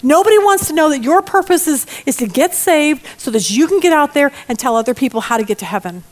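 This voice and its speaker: A middle-aged woman teaching a Bible study lesson in a lively, expressive way, with joking asides. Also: sits high, quick pace.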